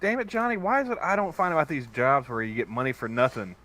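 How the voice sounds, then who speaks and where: A man's voice: medium pitch, sing-song, fast talker, bright, forceful tone. A man joining a casual podcast chat as a guest, trading wisecracks and jokey asides.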